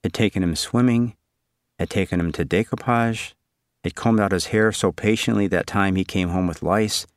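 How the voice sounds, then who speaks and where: A man with a low voice reads a literary story aloud, measured and wry, as if following a character's thoughts. The recording is close and dry, with no room sound. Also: steady tone, dry recording. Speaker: narrator. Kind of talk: scripted literary narration.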